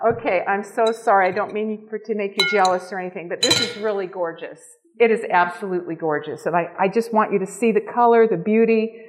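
A woman's voice: medium pitch, brisk, few pauses. A woman teaching a nutrition and cooking class to a small group, gushing and enthusiastic as she demonstrates. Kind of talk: live cooking demonstration talk.

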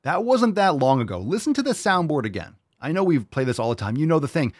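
Male podcast host: swears freely, rants with emphasis, lively pitch, dry close sound. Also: fast talker, no echo. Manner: profane, emphatic, ranting. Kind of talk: casual opinion rant.

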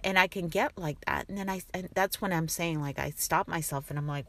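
A middle-aged woman talking in a soft, rambling, reflective way, with many fillers. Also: on the low side, brisk, hardly any pauses, dry recording. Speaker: vlogger. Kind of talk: reflective casual monologue.

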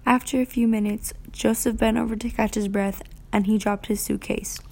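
A woman reading a novel aloud in a soft, half-whispered way, with her own commentary. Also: fairly high pitch, fairly even intonation, normal speed, vocal fry, a little hiss or hum. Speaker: student reader.

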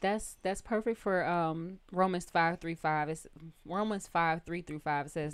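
A woman co-hosting a casual faith podcast, reading scripture aloud and growing animated at times. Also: on the low side, unhurried, few pauses, smooth. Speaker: podcast co-host.

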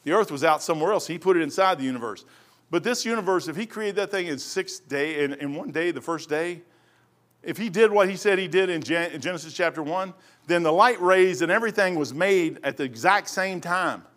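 A man, preaching fervently, swinging between shouted points and hushed asides. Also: fairly high pitch, brisk. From Kentucky. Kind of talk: impassioned preaching.

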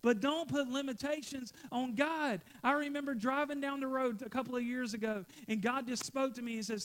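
A man's voice: very high voice, moderate pace, hardly any pauses. A male pastor preaching a sermon to his church, repeating phrases for emphasis and getting out of breath.

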